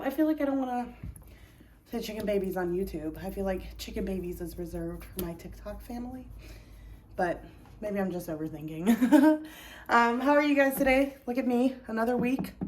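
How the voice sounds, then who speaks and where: A woman's voice: on the high side, normal speed, darkish tone, slight background noise. A woman hosting a casual pick-a-card tarot video from home, chatty and rambling with many ums, a little out of breath. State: a bit out of breath. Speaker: tarot reader. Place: home, indoors.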